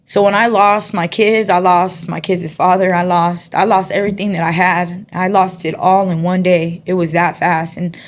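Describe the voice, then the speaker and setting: A woman guest giving a personal testimony in casual conversation, soft-spoken and halting, with frequent pauses and fillers. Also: lowish voice, creaky. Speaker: interview guest.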